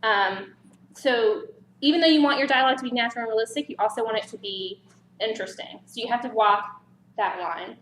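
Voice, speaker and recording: A woman presenting a writing workshop in a casual, chatty way, animated with light laughs. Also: fairly high pitch, brisk. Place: library meeting room. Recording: roomy echo, faint background noise.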